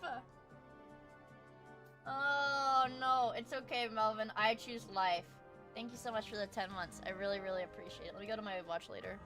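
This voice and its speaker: A young woman streaming, chatting casually as she reacts to videos, swearing freely and breaking into loud shrieks. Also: medium pitch, brisk, over music.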